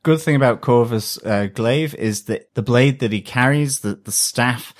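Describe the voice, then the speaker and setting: A man's voice: medium pitch, unhurried. A man co-hosting a podcast, talking hesitantly with many fillers in a casual film review chat. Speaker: podcast co-host.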